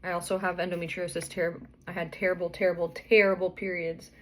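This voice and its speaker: A woman's voice: fairly low pitch, flat delivery, fast, fairly bright tone. A young woman vlogger, out of breath and pregnant, chatting through a rambling personal story full of fillers and restarts.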